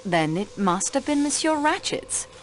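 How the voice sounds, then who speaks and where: A composed French woman investigator in a game, courteous, lively pitch. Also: a little slow, a little hiss or hum. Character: calm, polite French female investigator. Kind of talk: video game voice acting.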